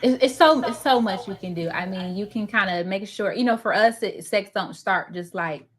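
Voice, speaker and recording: A woman's voice: medium pitch, normal speed. A woman answering a question on a live panel, talking frankly and bluntly with a laugh. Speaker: panel guest. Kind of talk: casual live Q&A chat.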